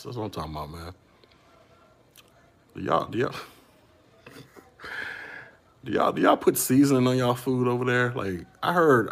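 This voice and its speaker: A man from Central Florida hosting a casual tech stream, rambling through stories and calling his viewers y'all. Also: mid-range voice. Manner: rambling storyteller, slangy, addresses chat as y'all. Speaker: tech podcast host. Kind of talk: casual livestream chat.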